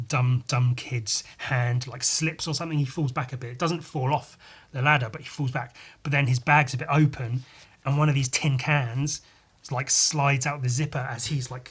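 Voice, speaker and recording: A man's voice: medium pitch, fairly bright tone, breathy edge. A man hosting a podcast, chatting casually and rambling through a story with frequent restarts. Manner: rambling, many fillers and restarts. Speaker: podcast host, comic artist. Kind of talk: casual chat.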